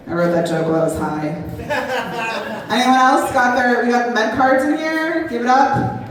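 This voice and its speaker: A woman's voice: on the high side, moderate pace, recorded from a distance. A woman doing a stand-up comedy set on a brewery stage, rambling and self-deprecating with many fillers. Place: brewery stage at a live show. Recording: echoey hall, mic heard from afar, loud crowd. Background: audience laughter.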